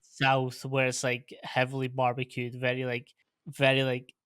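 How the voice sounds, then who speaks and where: A young Scottish man chatting casually as a podcast host, laid-back and quick to laugh. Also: medium pitch, completely flat delivery, fairly bright tone, clear, resonant tone, no room sound, studio quality. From Scotland. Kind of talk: casual interview chat.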